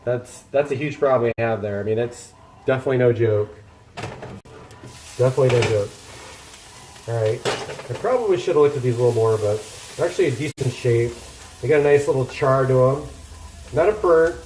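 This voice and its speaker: A man's voice: medium pitch, expressive, a little fast, a little mellow, slight background noise. Easygoing man chatting while cooking. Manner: chatty and self-deprecating, talking to chat while working. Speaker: livestreamer cooking meal prep. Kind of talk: casual live-stream chat while cooking. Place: home kitchen.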